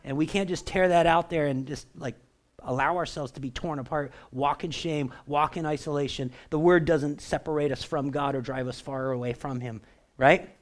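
A man preaching a sermon in a relaxed, conversational way, often checking in with the congregation. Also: a little high, normal speed. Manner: animated, conversational, asks the crowd for response. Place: church.

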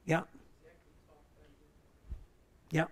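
A man preaching a conversational sermon, animated and full of asides, then leading a prayer. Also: extremely slow. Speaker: pastor.

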